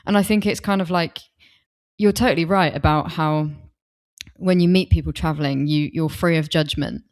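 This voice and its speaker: A female guest on a podcast with a fairly low voice, speaking into a desk microphone. She talks openly and with enthusiasm, often breaking off and restarting her thoughts in casual conversation. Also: steady tone, moderate pace, darkish tone.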